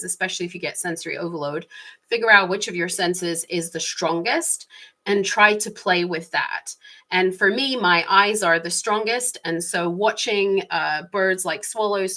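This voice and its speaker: A woman muses aloud about her own experiences in a relaxed, personal vlog. Her voice sits a little low yet sounds bright and forward. She talks chattily, her speed shifting and small laughs slipping in between thoughts. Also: unhurried. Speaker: vlogger. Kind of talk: casual reflective monologue.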